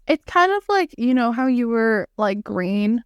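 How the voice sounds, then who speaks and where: A woman's voice: a little high, big pitch swings, unhurried, smooth, no room sound, muffled recording. A young woman co-hosting a podcast, chatting playfully and reading out list items. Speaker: podcast co-host. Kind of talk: casual chat.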